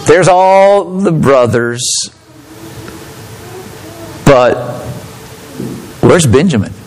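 A man delivering a sermon, with a voice sitting a little higher than most men's. He stresses his words hard, jumping up for emphasis and dropping low and quiet. He reads scripture aloud and retells it in his own words. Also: lively intonation, drawn-out words, slight background noise, low-quality recording. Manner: emphatic preaching, swinging between loud rises and low drops. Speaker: pastor.

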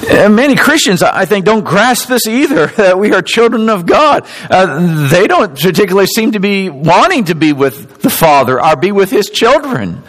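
A man preaching in a church, his voice sitting a little high for a man. He delivers his sermon with animated swings, rising to emphatic peaks and dropping back to quiet, softer reflection. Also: normal speed, hardly any pauses, rough recording. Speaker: pastor.

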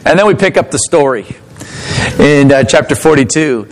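A man preaching a sermon, reading scripture aloud and telling a story, with strong emphatic rises and low drops. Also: expressive, moderate pace, rough recording. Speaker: pastor.

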